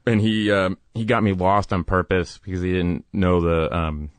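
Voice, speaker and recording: A male podcast guest telling an anecdote in an animated, self-deprecating way, laughing as he goes. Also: deep voice, moderate pace, no echo. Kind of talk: storytelling anecdote in a podcast interview.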